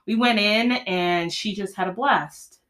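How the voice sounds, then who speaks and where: Laughing, animated young mom telling stories. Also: female voice, mid-range voice, a little slow. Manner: animated storyteller, laughs often, acts out quotes. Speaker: podcast co-host. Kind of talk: casual chat.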